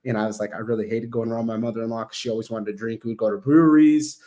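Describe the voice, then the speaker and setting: Rapid-fire male podcast host, blunt and foul-mouthed. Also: mid-range voice, fairly even intonation, mellow. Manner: blunt, profane storytelling. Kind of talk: casual podcast chat.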